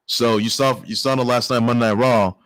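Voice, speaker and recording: A man hosting a sports news show, talking excitedly and stammering through restarts and exclamations. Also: mid-range voice, fairly quick, no room sound. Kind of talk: casual sports news commentary.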